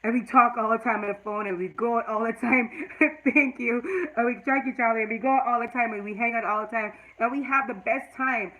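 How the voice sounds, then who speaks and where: A woman's voice: fairly high pitch, steady tone, fairly quick, pushed and bright, poor audio. A woman in her forties talking to her live chat in a personal vlog, earnest and at times tearful, then emphatic and preachy. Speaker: YouTube vlogger.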